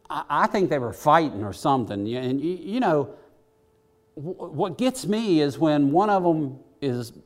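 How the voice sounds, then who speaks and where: An older man, a preacher telling homespun stories in a chatty, self-deprecating way with lots of asides. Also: mid-range voice. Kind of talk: folksy sermon storytelling.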